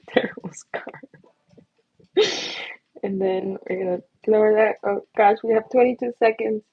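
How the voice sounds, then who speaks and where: A woman's voice: mid-range voice, unhurried, pauses often, husky, dry recording, phone-quality sound. A young woman hosting a casual drawing livestream, chatty and giggly, laughing at her own doodles as she talks. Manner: giggly, chatty, self-mocking.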